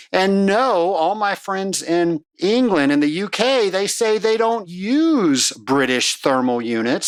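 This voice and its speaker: A podcast host giving a folksy, self-deprecating solo talk in an emphatic, teaching way. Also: medium pitch.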